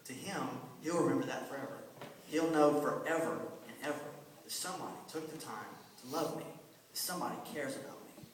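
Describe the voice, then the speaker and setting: A man's voice: medium pitch, fairly quick, slight background noise. A man who teaches a children's church class, giving an earnest testimony with lots of repetition for emphasis. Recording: echoey hall from far off.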